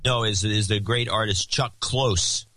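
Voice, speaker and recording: Bright, dry-sounding male co-host. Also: fairly low pitch, fairly even intonation, unhurried, dry recording. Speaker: podcast co-host. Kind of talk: casual podcast talk.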